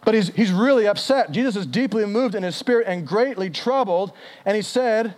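A male pastor delivering a sermon in a lively, conversational way. He acts out quoted lines with sudden rises and drops in pitch and volume, and his voice sits a little on the high side. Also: a little fast. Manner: animated, acts out quotes with big shifts in pitch and loudness.

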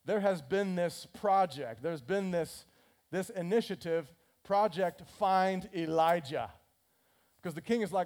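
A male pastor preaching a sermon in a lively, conversational way, often acting out the characters. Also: sits high, unhurried. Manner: animated, conversational, acts out scripture characters.

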